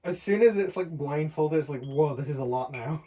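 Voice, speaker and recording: A man's voice: on the high side, moderate pace, mellow, slight background noise. A young man from England chatting casually, retelling a shop argument in a rambling way. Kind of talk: casual chat, storytelling.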